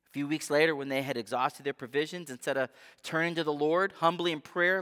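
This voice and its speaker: Animated male preacher in a reverberant hall. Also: fairly high pitch, fairly quick. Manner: animated, conversational preaching with rhetorical questions. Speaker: pastor. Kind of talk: sermon.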